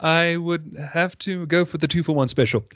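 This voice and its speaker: A man's voice: on the high side, normal speed, fairly bright tone, dry recording. A man hosting a podcast interview, bantering in a theatrical, flirty way. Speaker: podcast host.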